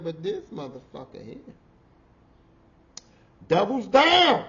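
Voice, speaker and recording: A man hosting a podcast, telling a work story in a casual, animated, profane way and often repeating himself. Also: sits high, slow, long pauses, dull audio. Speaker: podcast host.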